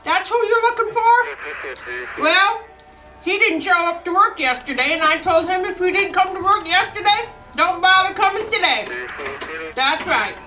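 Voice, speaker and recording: A woman's voice: very high voice, animated, measured pace, over music, low-quality recording. A woman playing a cranky backwoods store clerk. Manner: rough folksy drawl, double negatives. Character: rude, gum-chewing backwoods clerk woman. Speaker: small-town shopkeeper and radio dispatcher. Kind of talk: comedic film acting.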